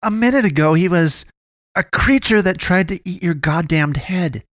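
A man voicing a panicky young man in an audiobook, cursing in a loud, high, agitated voice. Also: monotone, unhurried, vocal fry, smooth, no echo, clean studio sound. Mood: alarmed.

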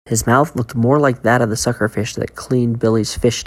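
A woman with a remarkably deep voice narrates a scripted horror story. She keeps a steady, measured storytelling pace throughout.

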